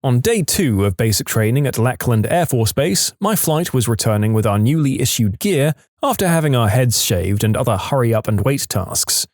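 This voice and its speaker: A man narrating reader-submitted stories in a lively scripted storytelling manner. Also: mid-range voice, normal speed, no echo, studio quality.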